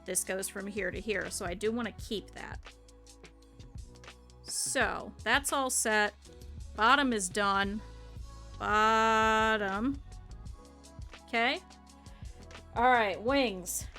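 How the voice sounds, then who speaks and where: A woman's voice: medium pitch, slow pace, pauses often, pushed and bright, soft background music. A woman streamer chatting her viewers step by step through cutting and sewing a plush, explaining as she works. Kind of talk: casual step-by-step craft tutorial.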